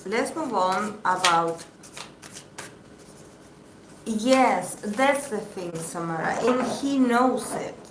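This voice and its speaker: A woman giving a casual live tarot reading, chatty and halting with many fillers. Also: mid-range voice, lively intonation. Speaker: tarot reader. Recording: echoey room with faint background noise.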